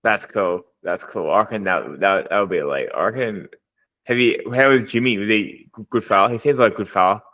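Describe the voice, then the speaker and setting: A man hosts a relaxed podcast chat, enthusiastic and blokey, tossing in casual swearing. His voice is lowish but bright and forward in tone. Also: a little fast.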